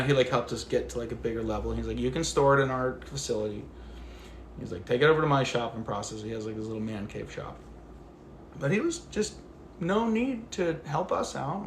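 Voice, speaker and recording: A man with a medium-pitched voice rants casually on a phone livestream during a dog walk. The sound is reverberant with slight background noise. He brings his stories to life by acting out the people he quotes, swearing freely along the way.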